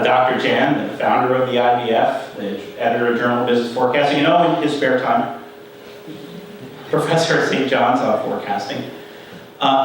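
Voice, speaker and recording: A middle-aged man giving a conference talk, telling a story in a conversational, animated way and acting out the people in it. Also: mid-range voice, a little hiss or hum. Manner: conversational, animated retelling with quoted voices. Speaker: conference speaker. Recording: echoey hall from far off.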